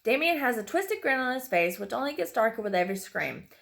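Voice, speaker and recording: A woman's voice: a little high, big pitch swings, a little fast, creaky, a bit bright. A woman reading a horror story aloud, narrating with occasional slips she apologizes for.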